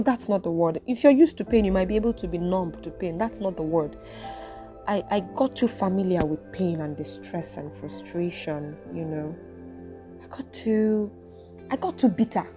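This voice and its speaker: A woman hosting her own podcast, talking straight to listeners in an outspoken, expressive, preaching way. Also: mid-range voice. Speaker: podcast host. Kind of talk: reflective solo podcast monologue.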